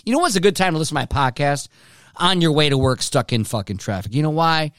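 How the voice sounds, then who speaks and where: A man's voice: fairly high pitch, animated, fast, noisy background. Rambling, swearing podcast host guy. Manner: profane, rambling, joking with himself. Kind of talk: casual solo podcast rambling. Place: his home.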